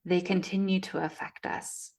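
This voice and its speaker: A woman guest on a podcast, speaking in a calm, thoughtful, measured way. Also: fairly low pitch, gravelly. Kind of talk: conversational podcast interview.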